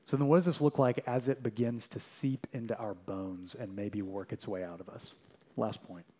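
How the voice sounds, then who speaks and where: A young adult man preaching a sermon as a pastor, moving between lively, quick storytelling and quiet, slow, emphatic passages. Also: lowish voice.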